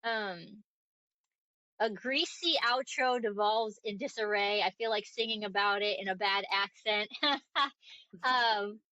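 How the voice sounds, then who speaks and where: A woman's voice: medium pitch, takes it slowly, sharp tone, dry recording, muffled recording. A woman from Connecticut co-hosting a podcast, chatting casually with lots of ums and giggles. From Northeast Connecticut. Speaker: podcast co-host. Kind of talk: casual chat.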